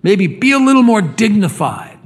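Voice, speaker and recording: A preacher putting on a bossy, dismissive crowd hushing a beggar in a raised, sharp voice. It sounds impatient and scolding. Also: male voice, sits high, very animated, normal speed, breathy edge, pitched above the performer's own voice, full character voice. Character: scolding crowd telling a man to hush.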